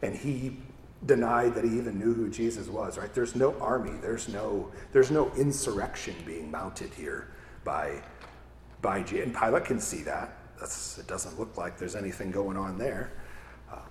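A man's voice: fairly low pitch, normal speed, slight background noise. A man preaching a conversational sermon, often asking "right?" and restarting his words. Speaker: pastor. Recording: echoey hall with faint ambience.

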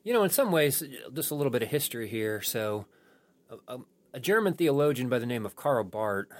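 Halting, thoughtful pastor, a man. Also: medium pitch, big pitch swings. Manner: thoughtful, halting with many restarts. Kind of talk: post-sermon podcast discussion.

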